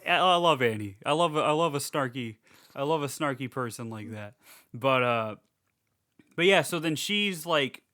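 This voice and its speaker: A man co-hosting a podcast, rambling casually through a movie recap, laughing and throwing in quick character voices. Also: medium pitch, animated, sharp tone, dry recording, studio quality. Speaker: podcast co-host.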